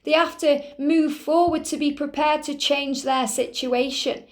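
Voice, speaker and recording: A woman with a high voice talks through a spiritual reading. Her delivery is earnest and reassuring, and she keeps checking in with the listener through small asides. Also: steady tone, measured pace, hardly any pauses. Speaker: spiritual reader.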